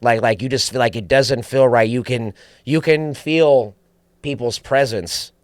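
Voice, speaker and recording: Man telling stories, smooth clear voice. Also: medium pitch, a little slow, dry recording, clean studio sound. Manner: animated, profane, acts out quoted voices. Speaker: podcast guest. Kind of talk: casual storytelling.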